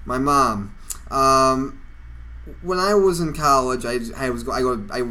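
Bright, animated young man telling stories. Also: medium pitch, unhurried. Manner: animated storyteller, shouts when quoting people. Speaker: podcast co-host. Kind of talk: casual chat.

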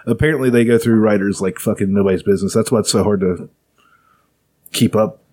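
A young man with a fairly low voice co-hosts a casual podcast chat. He tells loose, profane stories and keeps dropping into quick quoted voices. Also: dark tone. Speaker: podcast co-host.

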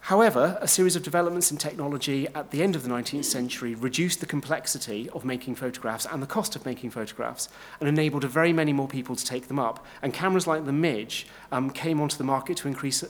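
Man giving a measured history lecture. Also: medium pitch. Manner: measured, with frequent ums and small restarts. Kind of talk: illustrated history talk.

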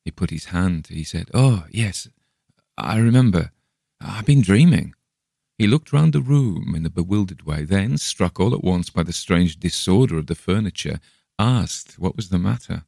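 A male narrator with a very low, gravelly voice reads a storybook tale in a measured, suspenseful way. The sound is dry and close, with no room around it. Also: lively intonation, mellow, no room sound. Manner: measured, suspenseful first-person reading. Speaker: audiobook narrator. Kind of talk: storybook reading.

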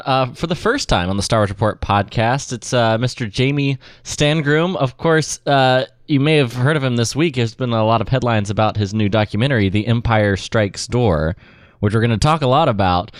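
A man's voice: medium pitch, dry recording. Male podcast interviewer, enthusiastic, dry close sound. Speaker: podcast host interviewing a guest.

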